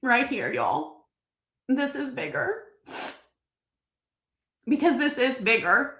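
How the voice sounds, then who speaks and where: A woman, hosting a live stream in a chatty, excited way and reading viewers' comments aloud. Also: high-pitched, slow pace, creaky, reverberant. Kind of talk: emotional live-stream book reveal.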